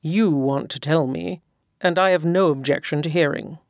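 A woman's voice: low voice, moderate pace, dry recording. Woman reading a dry, unmoved older husband. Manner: calm, drawling, teasing. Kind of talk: audiobook character voice.

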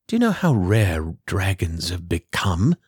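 A weeping, hooded boogeyman speaks in a slow, mournful storybook voice, as a man reads him. His voice is low and unhurried, with a dry, close sound and no room around it. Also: big pitch swings, darkish tone, husky, no room sound, heavily acted. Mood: sorrowful.

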